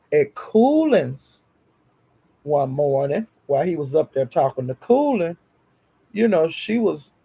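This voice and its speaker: A man telling a gossipy story in a casual, animated way. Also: fairly high pitch, gravelly, breathy edge.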